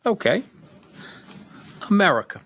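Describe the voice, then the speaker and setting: Stammering interviewer firing quick prompts. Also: male voice, high-pitched, very animated, a bit bright. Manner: quick rapid-fire prompts, stammering restarts. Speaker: podcast host. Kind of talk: casual interview.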